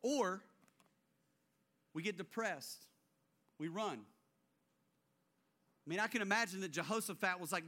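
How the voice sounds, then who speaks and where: A male pastor preaching a sermon, animated and acting out biblical figures, then dropping into quiet intensity. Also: high-pitched, a little slow, pauses often.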